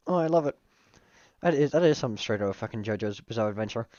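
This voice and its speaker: A man streaming a visual novel, giving excitable, casual commentary with swearing and bursts of laughter. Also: medium pitch, fast talker, dry recording, lo-fi sound.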